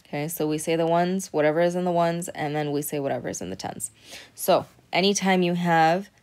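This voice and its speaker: A woman's voice: lowish voice, a little mellow. A woman teaching a recorded Arabic lesson, patiently explaining step by step and checking in with frequent "okay".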